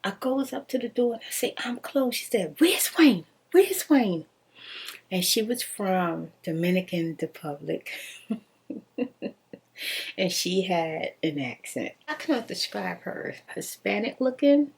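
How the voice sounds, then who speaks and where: A woman casually telling a personal story in an animated, slangy way, laughing often. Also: lowish voice, a little slow, vocal fry, husky.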